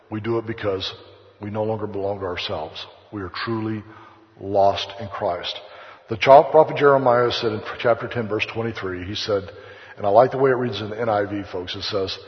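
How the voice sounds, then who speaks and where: A man giving an earnest sermon testimony, telling stories and addressing the audience as "guys". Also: fairly low pitch. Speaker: missionary speaker. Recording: echoey hall, dull lo-fi sound.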